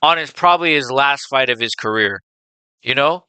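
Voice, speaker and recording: Bright-voiced young man ranting about fights. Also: mid-range voice, normal speed, clear, resonant tone, dry recording, rough recording. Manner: animated, ranting, swears freely. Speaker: MMA reaction channel host. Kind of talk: casual reaction commentary.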